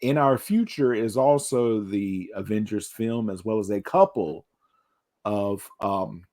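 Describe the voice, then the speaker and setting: A man's voice: fairly low pitch, takes it slowly, warm tone. A man co-hosting a podcast in casual chat, with a wry, self-deprecating humor. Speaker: podcast co-host.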